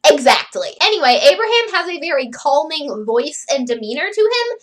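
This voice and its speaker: A woman's voice: high-pitched, very animated, normal speed. A woman giving a casual, chatty book review on her video channel, sarcastic and opinionated.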